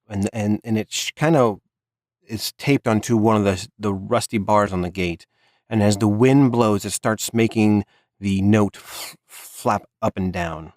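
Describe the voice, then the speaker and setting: A man's voice: lowish voice, a little mellow, no echo, clean studio sound. A man narrating a tabletop game as dungeon master, often restarting and filling with "like". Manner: halting narration with restarts and fillers.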